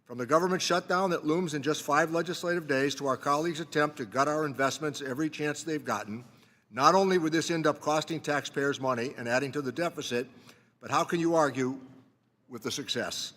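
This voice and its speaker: A man's voice: a little high, fairly bright tone. Man giving statement in echoing hearing room. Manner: measured, reading prepared remarks. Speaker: ranking committee member. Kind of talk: formal opening statement.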